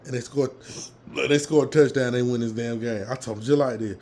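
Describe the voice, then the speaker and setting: A man telling a fired-up story from a football game he attended, his voice a little hoarse, swearing freely and jumping into loud reenactments. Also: mid-range voice, fairly even intonation, brisk. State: slightly hoarse. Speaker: fan commentator. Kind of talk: casual fan rant.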